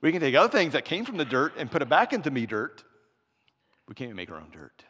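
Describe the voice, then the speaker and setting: A man preaching a sermon in a church, telling stories with big swings from quiet to shouting. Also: mid-range voice, wildly swooping pitch, quick pace, slight background noise. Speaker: pastor. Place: church sanctuary. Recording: preaching in a church hall with long reverb.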